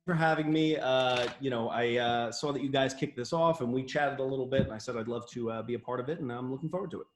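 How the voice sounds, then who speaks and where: Guy from new york state, jokey and animated, lots of restarts, roomy echo. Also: mid-range voice, quick pace, hardly any pauses, slight background noise. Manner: playful teasing, lively, stumbling restarts. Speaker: guest, business owner. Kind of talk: casual interview. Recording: echoey room.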